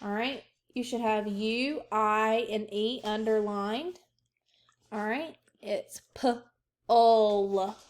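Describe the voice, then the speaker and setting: Lady teaching a phonics lesson to kids, talks real slow and patient, sounds words out. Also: fairly high pitch. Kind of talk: recorded phonics lesson for children.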